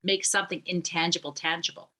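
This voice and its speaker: A woman's voice: lowish voice, flat delivery, quick pace, pushed and bright, poor audio. A woman explaining an app she founded, talking loosely with fillers and restarts. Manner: rambling, many restarts and fillers. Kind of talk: conversational explanation.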